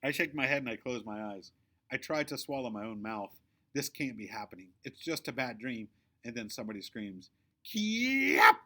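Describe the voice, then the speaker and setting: A man reading a children's chapter book aloud, with expressive storytelling in a middle pitch. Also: brisk. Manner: expressive storytelling, dropping low for narration tags. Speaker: reader.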